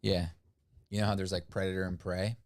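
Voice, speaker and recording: A man with a fairly low voice co-hosts a relaxed livestream. He chats casually and teases his partner in easygoing banter. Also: brisk. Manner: teasing, laid-back banter. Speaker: livestream co-host. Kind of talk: casual chat.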